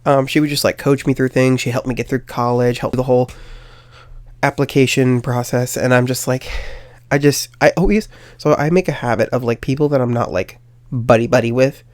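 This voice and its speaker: A man's voice: medium pitch, steady tone, a little fast, darkish tone, dry recording. A young man hosting his own podcast, telling a personal story in a rambling, self-deprecating way with lots of fillers. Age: young adult. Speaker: podcast host. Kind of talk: casual storytelling monologue.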